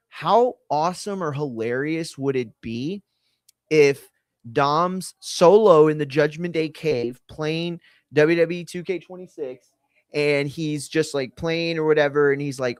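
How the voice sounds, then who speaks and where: A man's voice: a little high, a little slow, no room sound. A man hosting a live watch-along, talking casually in a rambling way and often correcting himself mid-sentence. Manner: rambling, self-correcting, conversational. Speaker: host.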